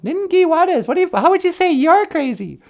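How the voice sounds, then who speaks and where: A woman co-hosts a casual language lesson, tossing in playful, teasing questions. Her voice leaps about in pitch with a lively bounce. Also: brisk, gravelly.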